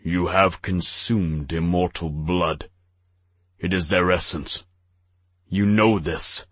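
A man voicing a cruel ancient archangel who speaks slowly, with cold disdain. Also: sits low, steady tone, a bit bright, dry recording, exaggerated voice. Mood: commanding. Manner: slow, measured, disdainful.

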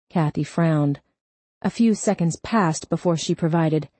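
A woman reading a novel aloud in a steady, scripted narration. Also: lowish voice, measured pace, husky, no room sound. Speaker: audiobook narrator.

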